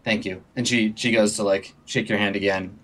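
A man's voice: fairly low pitch, fairly even intonation, fairly quick, a bit bright, slight background noise. A man narrating as game master in a casual, rambling way.

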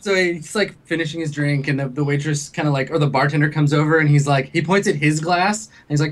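A man's voice: on the high side, fairly even intonation, brisk, few pauses. A man running a tabletop role-playing game, narrating loosely with lots of fillers. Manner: loose and rambling, with many fillers. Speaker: game master.

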